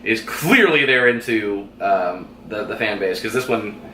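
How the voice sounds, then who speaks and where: A man hosting a casual review vlog, retelling scenes with quick animated chatter and acted-out quotes. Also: on the low side. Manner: fast, animated retelling with quoted lines and laughs. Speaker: vlog host reviewing a TV episode. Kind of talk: casual chat. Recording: echoey room with faint noise.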